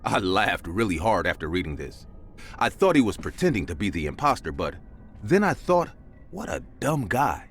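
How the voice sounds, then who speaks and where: A man's voice: very animated, normal speed, a little hiss or hum. A man narrating a scary story in a dramatic scripted style. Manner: dramatic, with big swings of pitch.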